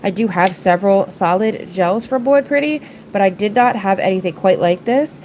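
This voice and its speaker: A woman, audibly congested, rambles to her livestream viewers in easy, conversational bursts. Her pitch sits in an ordinary middle range. Faint room noise hums under the recording. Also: animated, normal speed, darkish tone, low-quality recording. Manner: chatty, rambling, talks to viewers and her pets. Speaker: nail art livestreamer. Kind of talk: casual livestream chat while doing nails.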